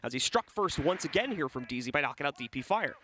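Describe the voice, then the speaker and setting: Young male esports caster, quick bright delivery, slightly high voice. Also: a little hiss or hum. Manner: fast, energetic, joking with co-caster. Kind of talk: play-by-play commentary.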